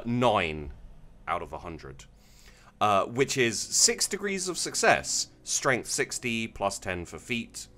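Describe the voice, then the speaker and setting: A man's voice: fairly low pitch, bright, forceful tone. A man hosting a live stream, reading out viewers' tabletop game stories in an amused, conversational way with frequent ums and restarts.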